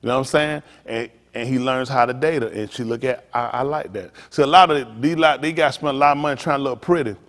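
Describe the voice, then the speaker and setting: A middle-aged man pastor, teasing and preaching to his congregation in a joking, animated way. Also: mid-range voice, fast talker, few pauses. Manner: animated, teasing, talks straight to the crowd. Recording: long hall reverb.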